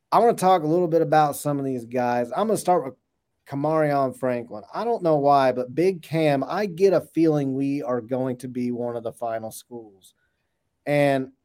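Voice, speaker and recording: A man co-hosting a sports podcast, talking excitedly about recruits with joking trash talk and rapid bursts. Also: mid-range voice. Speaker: podcast co-host.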